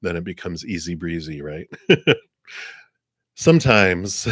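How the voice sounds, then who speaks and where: A man giving tarot readings on a livestream in an upbeat, chatty way, clearing his throat now and then. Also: deep voice, expressive, a little slow, pauses often, no room sound, clean studio sound. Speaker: tarot reader.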